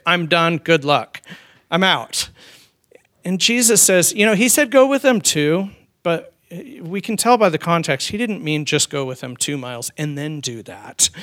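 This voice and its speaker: A man's voice: high voice, a bit bright. A man preaching a conversational sermon as pastor, telling personal stories with frequent restarts. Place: church.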